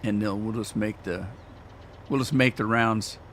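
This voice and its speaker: A man's voice: fairly low pitch, fairly even intonation, measured pace, fairly bright tone, slight background noise. Rambling man narrating his farming game. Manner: chatty, rambling, self-teasing. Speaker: gaming streamer. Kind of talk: casual gameplay commentary.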